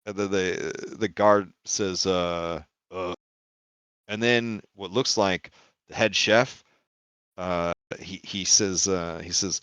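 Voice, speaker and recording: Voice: low-pitched, steady tone, slow, fairly bright tone, smooth, no echo. A game master casually narrating a tabletop game, laughing often and using lots of fillers.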